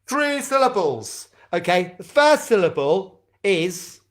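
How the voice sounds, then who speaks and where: A man's voice: sits high, big pitch swings, takes it slowly, fairly bright tone. A man leading a drama club over a video call, chatty and encouraging as he fumbles with the setup.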